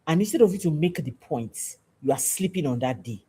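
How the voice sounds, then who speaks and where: Low-voiced woman preaching civic duty. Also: lively intonation, brisk, warm tone, breathy edge. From Nigeria. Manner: preachy, emphatic, repeats phrases. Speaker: podcast host. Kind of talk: passionate civic talk to camera.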